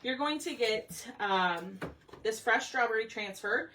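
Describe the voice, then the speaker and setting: A woman's voice: on the high side, animated, a little slow, bright, forceful tone, distant mic, slight background noise. A woman hosting a craft livestream, chatty and a bit scattered, out of breath as she talks to viewers. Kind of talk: casual livestream chat. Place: home craft room.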